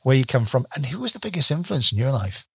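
A man's voice: mid-range voice, sing-song, quick pace, vocal fry, fairly bright tone, breathy edge, no room sound, clean studio sound. A British man hosting an interview podcast, chatty and enthusiastic, rambling a little as he asks questions. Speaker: podcast host. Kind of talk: casual interview chat.

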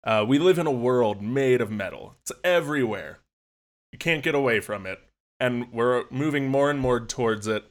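A man co-hosting a podcast, setting a scene in second person with measured, storytelling delivery. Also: mid-range voice. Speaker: podcast co-host. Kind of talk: casual chat, storytelling.

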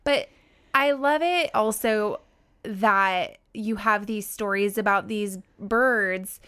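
A woman co-hosting a casual podcast, taking her time in an unhurried, deliberate way. Her voice is smooth and clear, and her thoughts come across as measured and reflective. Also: mid-range voice, bright, forceful tone. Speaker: podcast co-host. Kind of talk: casual chat.

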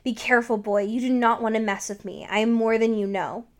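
A woman's voice: a little high, fairly even intonation, a little fast, close to an everyday voice. A woman reading the lines of an arrogant, ancient female phoenix who speaks in threats, in a fan fiction reading. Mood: haughty threatening. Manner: haughty, threatening.

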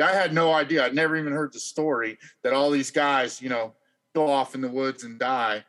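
A man hosting a podcast, telling stories in an animated, expressive way. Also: on the high side, brisk. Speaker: podcast host. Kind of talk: casual podcast storytelling.

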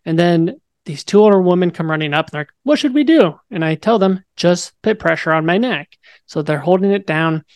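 A young man in his twenties, speaking in a casual, animated way with many fillers, telling a personal story as an interview guest. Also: fairly high pitch, a little fast, smooth, dry recording.

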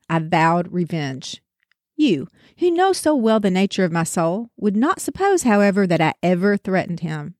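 A woman retelling a classic story in a theatrical, expressive way. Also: medium pitch, dry recording, clean studio sound.

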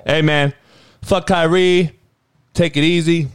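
A man hosting a podcast, delivering a blunt, heated, profanity-laced sports rant that climbs into yelling. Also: a little high, steady tone, takes it slowly, clean tone, no echo, clean studio sound. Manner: blunt, heated, swearing, rising to a yell. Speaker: podcast host.

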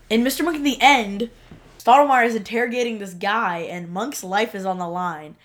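A woman's voice: medium pitch, normal speed. A woman co-hosting a casual fan chat, giggling as she recalls favorite scenes. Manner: giggly, laughs between lines. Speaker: co-host.

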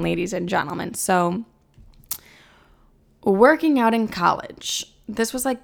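Gravelly-voiced young woman podcaster. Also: mid-range voice, lively intonation, takes it slowly, long pauses. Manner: chatty, heavy on filler "like", swears freely. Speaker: podcast host. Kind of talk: casual solo podcast chat.

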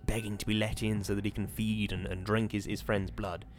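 A man hosting a podcast, giving a measured, dramatic reading of a horror novel and then chatting about it. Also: on the low side, level tone, soft background music. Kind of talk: dramatic reading and casual commentary.

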